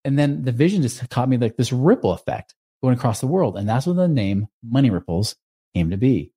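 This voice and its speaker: A man hosting a podcast, earnestly telling a personal story and acting out the dialogue. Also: mid-range voice. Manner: earnest, animated retelling with acted-out dialogue. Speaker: podcast host.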